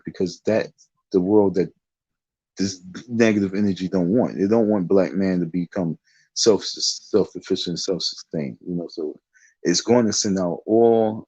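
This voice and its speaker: A man's voice: low-pitched, a little mellow, husky, no room sound. Rambling man with a dull, lo-fi sound. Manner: rambling, storytelling, with frequent restarts. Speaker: online talk show host. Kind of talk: casual monologue.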